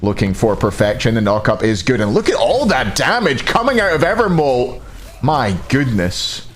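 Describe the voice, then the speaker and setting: A man's voice: medium pitch, big pitch swings, normal speed, a bit bright, a little hiss or hum. A Scottish man casting a live esports match, joking and chatting with viewers between plays. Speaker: esports caster.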